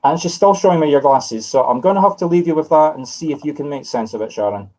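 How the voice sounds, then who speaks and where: Talking fast with lively intonation, this Scottish man in his fifties works as a medium, doing live readings where he thinks aloud, corrects himself and calls sitters by name. His voice is a little high and a little mellow, on a low-quality recording.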